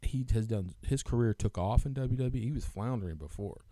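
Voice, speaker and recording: A man's voice: medium pitch, fairly quick. A middle-aged man co-hosting a casual wrestling podcast with his son, telling rambling stories full of restarts. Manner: rambling, animated storytelling with restarts. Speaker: podcast co-host, father.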